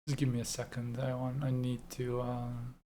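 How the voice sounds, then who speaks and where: A man's voice: mid-range voice, completely flat delivery, normal speed, warm tone, a little hiss or hum. A man hosting an art livestream, chatting casually and muttering to himself, easily annoyed. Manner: muttering, easily annoyed, talks to himself while fixing things.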